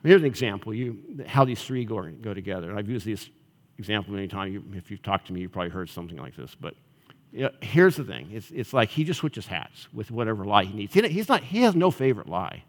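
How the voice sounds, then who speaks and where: A man's voice: fairly low pitch, very animated, fast. A male pastor giving a sermon in a conversational style, often checking in with the audience. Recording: long reverb of a large hall.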